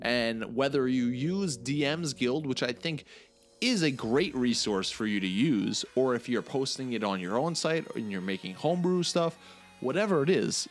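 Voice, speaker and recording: A man's voice: medium pitch, animated, moderate pace, faint music behind. Enthusiastic male podcast co-host. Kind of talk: casual podcast chat.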